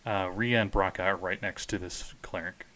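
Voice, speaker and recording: A man with a fairly low voice runs a tabletop game as its game master. His tone is casual and loose, and he cracks jokes while he describes the fight and settles rules questions. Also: fairly even intonation, normal speed, sharp tone. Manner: joking, casual, pop-culture references.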